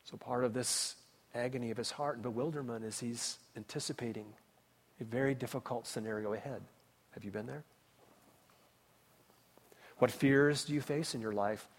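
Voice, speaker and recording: A man preaching a sermon as pastor, impassioned, swinging between loud cries and hushed tones. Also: medium pitch, moderate pace, pauses often. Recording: long reverb of a large hall.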